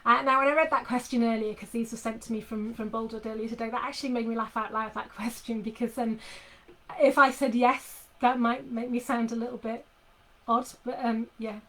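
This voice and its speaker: A middle-aged woman talks casually with readers from her desk at home. Her voice sits a little high, and she rambles warmly through fillers and restarts as she chats. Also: fairly even intonation, brisk, rough recording. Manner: chatty, many fillers and restarts. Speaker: author talking to readers. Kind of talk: casual live chat with readers. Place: home office.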